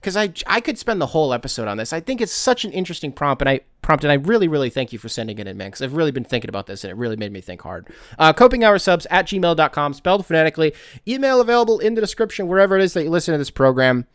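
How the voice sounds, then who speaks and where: An American man hosts a casual solo podcast, rambling conversationally and correcting himself as he goes. His voice runs on the high side with big pitch swings, and he talks very fast in a smooth voice. The sound is clean studio quality with no echo.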